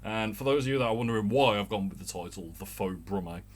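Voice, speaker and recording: A man's voice: fairly low pitch, fast. A man in his thirties with a mild Birmingham accent, rambling casually through a solo rant as the show's host. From Birmingham, England. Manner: rambling, chatty, swearing. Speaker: podcast host.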